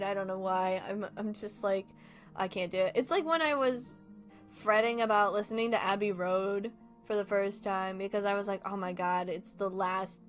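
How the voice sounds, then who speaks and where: A young woman streamer in casual chat, rambling, giggling often and swearing freely. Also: lowish voice.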